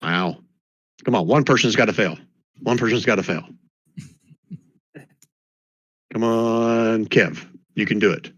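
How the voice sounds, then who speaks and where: A man's voice: lowish voice, takes it slowly, pauses often, fairly bright tone, no echo. A man running a tabletop game as game master, chatty and thinking aloud as he checks his notes. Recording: dull lo-fi dry mic.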